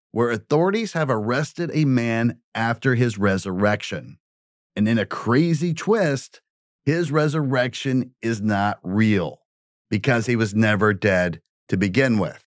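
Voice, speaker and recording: A man hosting a daily crime news show, delivering scripted stories with dry, sarcastic jokes. His pitch moves around a lot as he reads. Faint music sits under his voice. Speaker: true crime podcast host. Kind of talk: scripted news narration with wry asides.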